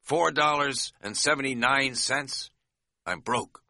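A man voicing a boisterous, half-drunk middle-aged hiking buddy who talks loudly, jokes and dodges questions. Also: medium pitch, slow pace, no room sound, studio quality, voice pushed up, full character voice. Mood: evasive. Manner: loud, jokey, evasive.

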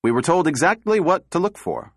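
A fussy, nervous little official, blustering with a raised, strained pitch, as a male reader puts him on. He is the pushy type of officer in an audiobook story. The voice sits close and dry. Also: animated, brisk, no room sound.

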